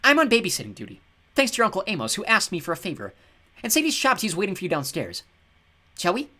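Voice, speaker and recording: A man's voice: sits high, wildly swooping pitch, sharp tone, pitched above the performer's own voice, full character voice. A man voicing an impatient, demanding cat goddess in an audiobook. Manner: demanding, brisk.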